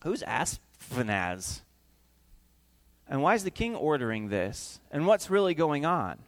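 High-voiced animated male preacher. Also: measured pace. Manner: animated, acts out voices, asks the room questions. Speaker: pastor. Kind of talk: sermon with storytelling.

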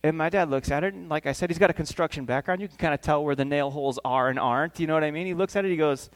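An animated male pastor with a high voice, telling stories from the pulpit. He acts out the voices of the people in his stories and asks the congregation questions as he goes. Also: racing, hardly any pauses. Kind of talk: sermon with storytelling.

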